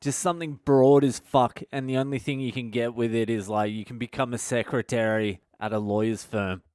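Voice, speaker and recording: A man's voice: mid-range voice, steady tone, a little fast, a little mellow, clean tone, no echo, clean studio sound. A man, a comedian hosting his own podcast, delivering a sardonic comic monologue that is full of swearing and acted-out mock dialogues.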